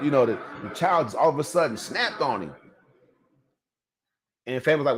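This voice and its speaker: A man's voice: medium pitch, sing-song, moderate pace, pauses often. A man hosting a podcast, telling a story in a rambling, slangy way and talking straight to his viewers. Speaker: podcast host. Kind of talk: casual storytelling monologue.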